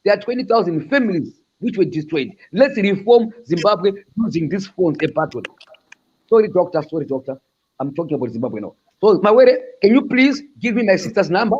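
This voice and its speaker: A high-pitched, raspy man holds forth in a loud, boastful rant, hammering the same slogans again and again. His voice comes through dull and lo-fi, like call audio with the highs cut off. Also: expressive, a little fast. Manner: boisterous, repeats boastful slogans. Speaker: caller.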